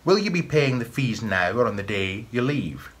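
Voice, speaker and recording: A man's voice: medium pitch, sing-song, moderate pace, a bit bright, breathy edge. A man with a Scottish accent voicing a sly, sinister old male wizard who runs a school of magic.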